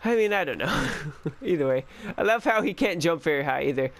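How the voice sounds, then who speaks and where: A man's voice: on the high side, expressive, a little fast. A young man giving casual, joking let's-play commentary and chatting to the game character. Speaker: gaming YouTuber.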